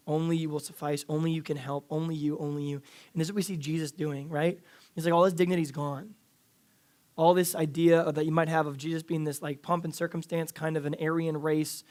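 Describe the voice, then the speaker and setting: A man's voice: fairly high pitch, darkish tone. A man in his thirties preaching a casual, earnest sermon to a youth group, with lots of fillers and restarts. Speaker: youth pastor. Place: church youth service.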